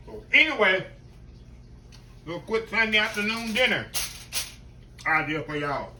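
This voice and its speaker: A man hosting a casual home cooking vlog, talking warmly to his viewers and calling them "y'all". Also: high voice, very animated, a little slow, pauses often, a little hiss or hum. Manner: chatty, often addresses viewers as "y'all". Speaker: cooking channel host. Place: home kitchen. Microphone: camera on tripod.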